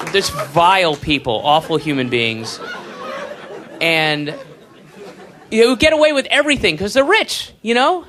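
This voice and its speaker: An American stand-up comedian rants profanely and sarcastically onstage, tossing in mocking whispered asides. His voice sits high, pushed and bright. It's a live recording from a comedy club with a laughing audience, audience murmur, and faint noise.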